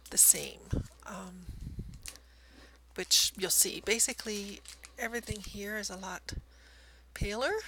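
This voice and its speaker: A woman chatting casually as she shows her cross stitch progress. She is self-deprecating and often drops into soft near-whispers. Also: medium pitch, background noise. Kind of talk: casual show-and-tell narration.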